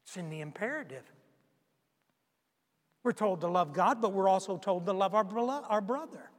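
In a church sanctuary, a male pastor delivers a sermon, pushing his argument with one rhetorical question after another. His voice is high and animated, moving at a moderate pace, and the big hall adds a long, trailing reverb.

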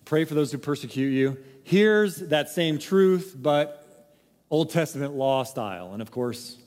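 A man's voice: fairly high pitch, animated, measured pace, darkish tone, big-room sound. A man preaching a sermon, emphatic and full of rhetorical questions. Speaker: pastor.

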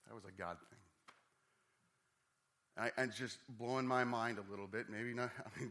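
A male pastor delivers a sermon in a bright, sharp-edged voice. He talks conversationally with fillers and asides, swinging from hushed, thoughtful passages to high, animated bursts of enthusiasm. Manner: animated, swings from quiet to excited.

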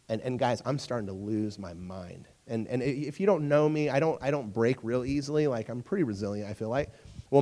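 Young male youth pastor, mid-pitched, chatty storytelling sermon style, hall reverb on the mic. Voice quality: storytelling, jokey and animated, talks to crowd. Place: church hall.

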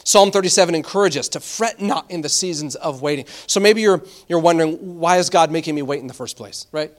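High-voiced man preaching a sermon. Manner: animated preaching, reads scripture slowly, repeats words. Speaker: pastor.

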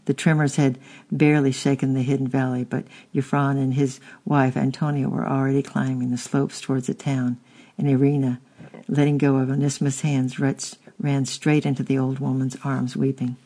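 A man narrating a historical story aloud in a steady reading, now and then stumbling and repeating a word. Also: mid-range voice, normal speed. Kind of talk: audiobook reading.

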